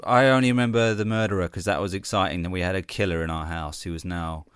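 A man's voice: low-pitched, steady tone, fast, background noise. A man joining a casual chat, speaking in a dry, self-deprecating, slightly hesitant way. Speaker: guest.

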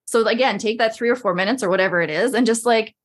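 A woman's voice: a little high, fast. Chatty woman coaching with lots of "like". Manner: chatty, lots of "like", acts out her inner voice. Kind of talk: casual podcast chat.

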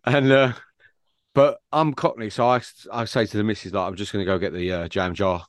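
A quick-talking man co-hosts a casual podcast, joking and telling stories. His voice sits low, and the recording is dry and close. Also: fairly even intonation, no echo. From England. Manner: joking banter, storytelling with quoted voices. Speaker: podcast co-host. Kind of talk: casual chat.

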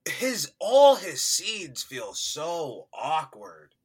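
A man co-hosting a casual movie review chat, animated and quick to laugh. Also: on the high side, husky. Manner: animated, laughs often, mimics actors with loud outbursts.

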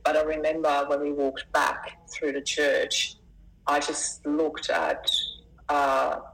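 Aussie woman, really deep voice, kinda croaky, telling her story all earnest and choked up, keeps restarting. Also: level tone, fairly bright tone, poor audio. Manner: earnest, emotional, halting with restarts. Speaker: life coach, guest. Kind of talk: personal storytelling in conversation.

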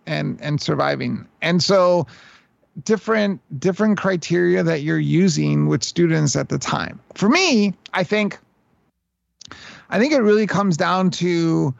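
A man in his fifties from New York City, telling stories as a guest in a casual interview, animated and restarting his sentences with repeated words. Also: high voice, a little slow, gravelly, no room sound. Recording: dull lo-fi recording.

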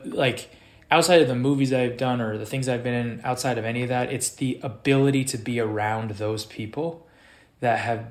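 A man, an actor, talking casually in conversation, halting and searching for words with many restarts. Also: mid-range voice. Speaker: actor guest.

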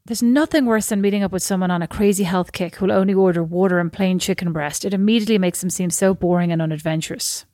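A woman's voice: lowish voice, quick pace, hardly any pauses, dark tone, no room sound, studio quality. A woman co-hosting a podcast, chatting in a playful, teasing, argumentative way. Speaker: podcast co-host. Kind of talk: casual podcast chat.

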